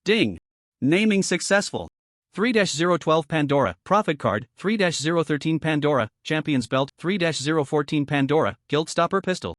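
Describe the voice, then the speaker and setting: A man voicing a composed, gently amused young crafter of magical items. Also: a little high, lively intonation, normal speed, dry recording, studio quality, natural voice. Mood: resigned.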